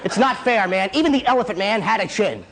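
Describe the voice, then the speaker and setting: A man in his twenties doing a stand-up comedy set, hyper and rapid-fire with his jokes. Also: high voice, lively intonation, heavy background noise. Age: 20s.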